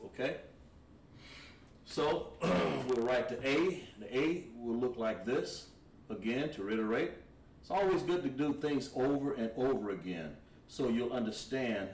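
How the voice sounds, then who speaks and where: A man teaching a language lesson on a livestream, explaining words patiently and repeating them, with frequent throat clearing. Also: mid-range voice. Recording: roomy echo, distant from the mic, faint ambient noise.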